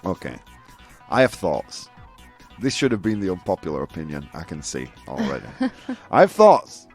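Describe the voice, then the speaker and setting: Male host of a live chat show: animated, teasing, laughs a lot, his pitch swinging high and low over faint music. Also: normal speed. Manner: animated, laughs often, provocative asides.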